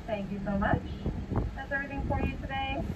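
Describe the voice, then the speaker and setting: Casual upbeat cashier lady, kinda high, heard thru a noisy muffled drive-thru box. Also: brisk. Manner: upbeat, friendly service talk. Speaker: coffee shop cashier. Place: drive-through speaker heard from a car. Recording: muffled drive-through speaker with loud noise.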